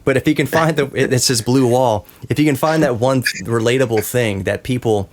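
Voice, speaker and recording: A man's voice: medium pitch, brisk, a little hiss or hum. A man hosting a casual podcast roundtable, talking in rambling, self-interrupting runs and laughing often. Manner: rambling, talks over himself, laughs often. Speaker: podcast host.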